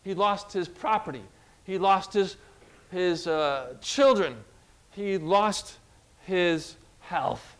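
A man preaching a sermon as pastor, animated, asking the congregation questions and swinging in pitch and loudness. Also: takes it slowly, clear, resonant tone.

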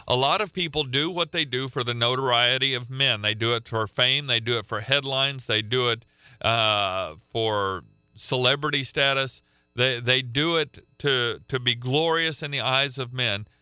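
A man teaching a radio sermon, emphatic, repeating key phrases and slowing down to stress words. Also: mid-range voice, sharp tone, clear, resonant tone, no room sound.

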